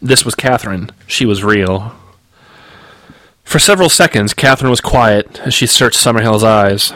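A man, the author, reading his novel aloud in steady, measured audiobook narration. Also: on the low side, no echo.

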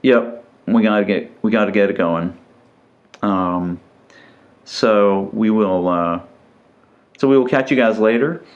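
A middle-aged man co-hosting a podcast in casual chat, relaxed and rambling, with many fillers and restarts. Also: on the low side, unhurried, pauses often, lo-fi sound. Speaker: podcast co-host.

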